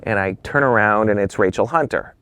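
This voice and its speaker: A man, a photographer and interview guest, telling animated stories and acting out the dialogue with casual swearing. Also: on the low side, brisk, clean tone. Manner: acts out quoted dialogue in shifting voices. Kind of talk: animated storytelling.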